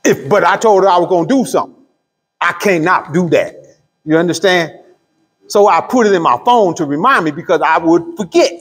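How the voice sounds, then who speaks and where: A middle-aged pastor teaching a Bible study, asking the room questions and drawing out key words. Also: male voice, high-pitched, expressive, breathy edge. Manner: call-and-response questions to the room; drawls key words slowly. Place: church hall. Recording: long hall reverb.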